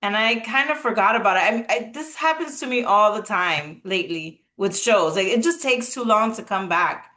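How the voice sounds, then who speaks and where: A woman co-hosting a podcast, chatting in a relaxed way, laughing often and giving short replies while she listens. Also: medium pitch, normal speed, few pauses. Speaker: podcast co-host. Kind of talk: casual chat.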